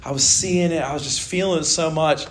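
Guy preaching, pretty high voice, chatty and jokey, talks to the crowd like friends. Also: a little fast. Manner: animated, jokey, conversational with laughs and asides. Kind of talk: casual sermon.

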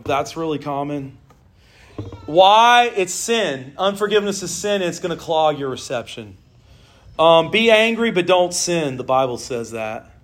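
A middle-aged man gives a casual sermon with a notably high, light voice. His delivery is animated and conversational, full of jokes and asides to his listeners. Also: a little slow. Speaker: preacher.

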